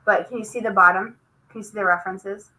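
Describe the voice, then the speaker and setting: A woman teacher walking her students through an online research demonstration, lively and coaxing as she clicks along. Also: mid-range voice, fast talker, slight background noise, rough recording. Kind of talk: classroom demonstration over a video call.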